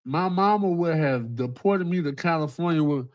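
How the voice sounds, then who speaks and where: A man's voice: on the high side, normal speed, no echo, highs cut off. A man hosting a casual livestream, rambling in profane street slang with many restarts. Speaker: livestream host.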